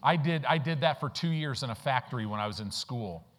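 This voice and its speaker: A pastor preaching a sermon, telling stories with lively rhetorical questions and acted-out quotes. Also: male voice, mid-range voice, fairly quick. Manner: animated storytelling with rhetorical questions. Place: church in the Midwest.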